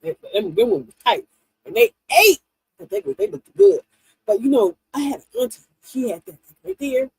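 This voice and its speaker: A woman's voice: sits high, normal speed, vocal fry, no echo, poor audio. A middle-aged woman, hosting a livestream in a casual, laughing, chatty way. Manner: animated, laughing, chatty storytelling. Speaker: livestream host. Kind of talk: casual chat. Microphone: livestream mic.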